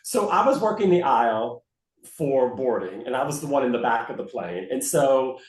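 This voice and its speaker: A man's voice: mid-range voice, animated, normal speed, a little mellow, roomy sound. A man who works as a flight attendant, telling stories in an interview and mimicking the passengers he talks about. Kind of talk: conversational storytelling interview.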